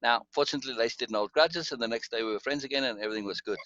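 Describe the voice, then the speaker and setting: A man's voice: medium pitch, rapid-fire, fairly bright tone, no echo, muffled recording. A man telling a long personal story in casual conversation, rambling with restarts and asides. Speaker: guest storyteller.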